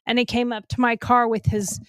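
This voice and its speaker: A woman's voice: a little fast, no echo. A middle-aged woman co-hosting a talk show from home, telling a story in casual chat and acting out the quotes. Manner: animated, acts out quotes with rising pitch.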